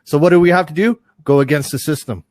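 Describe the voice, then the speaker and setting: A man's voice: fairly high pitch, quick pace, a little mellow, dry recording, studio quality. A man guest speaking in a plain, indignant way on a talk show. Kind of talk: casual talk-show chat.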